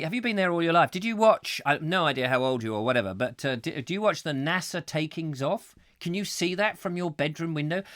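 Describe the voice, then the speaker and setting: A jokey man hosting a live call-in chat show, his voice bouncing all over the place as he rambles through viewer comments. He sits a touch above the usual male pitch and keeps slipping into silly voices. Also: a bit bright. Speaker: host.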